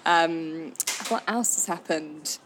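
A woman from London chats frankly and tells stories, breaking into laughter often. Her voice sits on the low side. A faint noise runs under the recording. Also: slow. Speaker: podcast co-host. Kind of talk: casual chat, storytelling.

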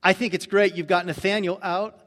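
Male pastor, sermon delivery, fairly high-pitched, earnest and direct, long hall reverb. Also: level tone, normal speed, a bit bright. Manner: earnest, direct address with rhetorical questions.

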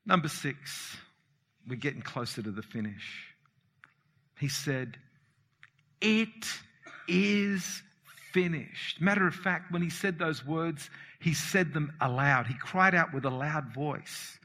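A high-voiced man preaching with a bright, cutting edge to his tone. He swings from ringing shouts to hushed asides. His voice carries a long hall reverb. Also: slightly rough. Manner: fervent, emphatic preaching with sudden shouts and drops. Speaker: pastor. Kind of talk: sermon.

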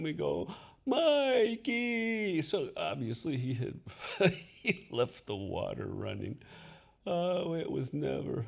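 A man's voice: medium pitch, creaky. An older man hosting a podcast, telling stories in a casual way and often laughing as he talks. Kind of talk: casual storytelling.

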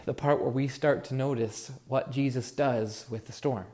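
A man's voice: medium pitch, fairly even intonation, normal speed, a little mellow. A man preaching a sermon as pastor, earnest and musing, leaning on words for emphasis. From Oregon.

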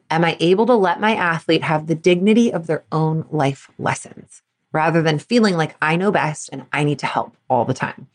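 Candid woman podcast host, lowish voice. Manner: candid storytelling, acts out her past self in quotes. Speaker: podcast host, performance coach. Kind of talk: solo podcast talk.

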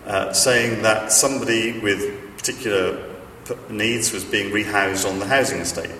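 A man's voice: on the low side, normal speed, bright, forceful tone, recorded from a distance, a little hiss or hum. Man preaching in an echoey hall. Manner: chatty, self-deprecating, many fillers and restarts. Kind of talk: sermon with stories. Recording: echoey hall, speaker off-mic.

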